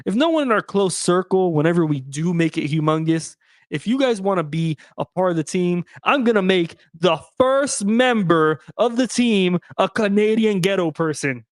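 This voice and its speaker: A man's voice: high voice, expressive, moderate pace, no room sound, clean studio sound. A man hosting a sports podcast alone, chatting casually and joking with his listeners in slang. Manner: loose, slangy and joking, addresses listeners directly. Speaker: podcast host.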